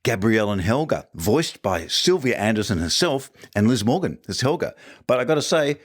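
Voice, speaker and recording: A man's voice: medium pitch, sing-song, normal speed. A man giving a jokey, wry episode review as a listener contributor. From Australia.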